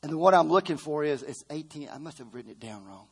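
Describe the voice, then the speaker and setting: A man's voice: on the high side, animated, fast talker, slightly rough. Middle-aged man, pastor. Fervent, repetitive call-and-response preaching in a slightly raised voice. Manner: repeats phrases for emphasis, with frequent restarts. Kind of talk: sermon.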